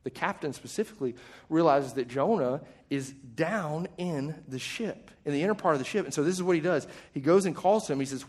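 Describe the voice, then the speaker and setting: A male pastor preaching a sermon in a conversational way, with quick asides and jokes. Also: a little high, a little mellow, husky.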